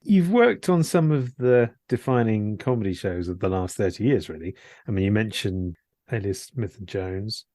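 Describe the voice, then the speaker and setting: A man hosting a podcast interview, asking measured questions that trail off. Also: on the low side, expressive, dark tone, no room sound, clean studio sound. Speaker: podcast host.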